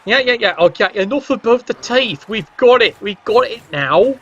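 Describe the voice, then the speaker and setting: A man's voice: sits high, lively intonation, normal speed, fairly bright tone, lo-fi sound. A man giving casual, chatty commentary on a tabletop-style video game, joking with viewers in the chat.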